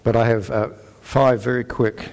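A man's voice: medium pitch, little pitch movement, normal speed. A man with a New Zealand accent preaching a sermon, earnest and emphatic as he reads scripture aloud. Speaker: pastor.

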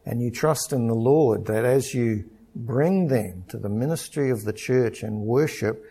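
Middle-aged guy preaching a sermon, calm and earnest, soft mellow voice. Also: medium pitch, breathy edge. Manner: earnest, measured preaching with storytelling. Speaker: pastor.

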